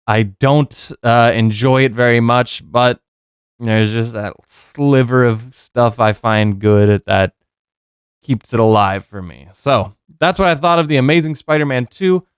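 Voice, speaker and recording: A man's voice: medium pitch, measured pace, smooth, no room sound, studio quality. A young man giving a casual spoken movie review, frank and exasperated, swearing freely.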